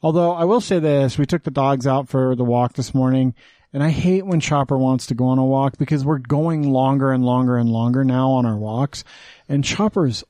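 A man's voice: medium pitch, fairly even intonation, normal speed, mellow, no echo. A man co-hosting a podcast in casual chat, joking and swearing freely, with plenty of fillers as he leads the segments. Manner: joking, profane, filler-heavy. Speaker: podcast co-host leading segments.

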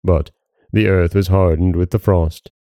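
A man with a low, mellow voice reads a classic tale in measured, dramatic narration. The recording is dry and close, with no room sound. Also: fairly even intonation, no room sound. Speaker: storyteller. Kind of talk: scripted story narration.

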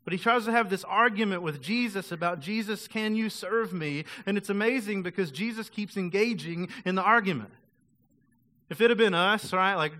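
Male pastor, casual sermon delivery, bright tone, slightly high pitch. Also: fairly quick. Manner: casual, conversational preaching, acts out quoted voices.

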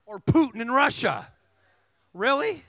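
A man preaching a sermon as a guest speaker, telling stories energetically with humor, asides to the crowd and emphatic shouts. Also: very high voice, a little slow, dry recording. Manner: energetic storytelling with humor and call-and-response asides; emphatic, rising to shouts at climaxes.

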